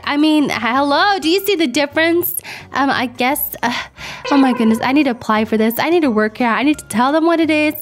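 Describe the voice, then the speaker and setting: A young woman who is not a native English speaker, hosting casual gameplay commentary in a bubbly, excitable way with frequent gasps. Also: extremely high pitch. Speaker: gaming channel host.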